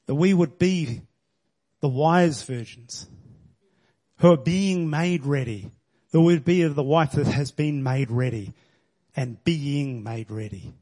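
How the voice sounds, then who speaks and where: A man's voice: on the high side, takes it slowly, warm tone. A man preaching a sermon in an earnest, conversational way, reading scripture and explaining it.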